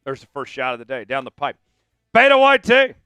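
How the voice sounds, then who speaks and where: A man hosting a live sports stream, laughing often and breaking into loud chants with viewers. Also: mid-range voice, very animated, brisk, smooth, no room sound, faint music behind. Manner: rowdy, laughs a lot, bursts into loud chants. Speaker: sports show host.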